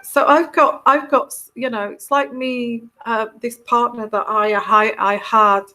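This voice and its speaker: Slow, soothing English woman with a mixed accent. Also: a little high, steady tone, bright, forceful tone. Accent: mixed English accent, northern and southern. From England. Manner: slow, meandering, halting with many restarts. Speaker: tarot reader hosting a livestream. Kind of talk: casual live chat reading comments.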